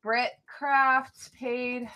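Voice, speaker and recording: A woman's voice: fairly high pitch, little pitch movement, drawn-out words, pushed and bright. A woman chatting casually on a live stream, reading out viewer names, thanking viewers and apologizing a lot. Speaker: live-stream tarot reader.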